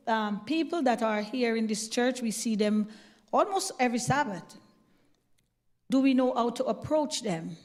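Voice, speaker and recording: A woman's voice: fairly high pitch, a little mellow, in a large hall. A woman leading a church program, earnestly addressing the congregation with questions. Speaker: church youth program leader.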